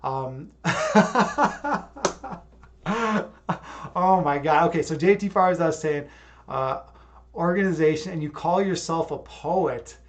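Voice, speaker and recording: A young man livestreaming in a casual, hyped-up mood, reading out chat and reacting. He rambles, repeats words and laughs at himself. His voice sits a little high for a man. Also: normal speed. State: hyped up after yoga. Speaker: livestream host.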